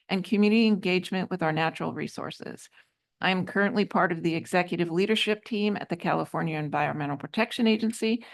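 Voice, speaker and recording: A woman's voice: fairly low pitch, vocal fry. A woman on a city council, reading applicants' letters aloud at a meeting, hesitant, with many ums and slips. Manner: hesitant, many ums, trips over words. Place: council chamber.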